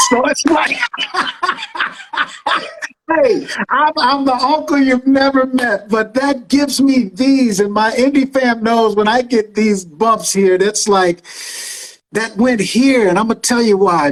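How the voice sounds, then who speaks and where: In his fifties and speaking in a very high, slightly slow voice, this man hosts an online show, heaping praise on his guest with a preacher-like cadence and addressing his audience directly. The interview chat is enthusiastic, and the recording is rough.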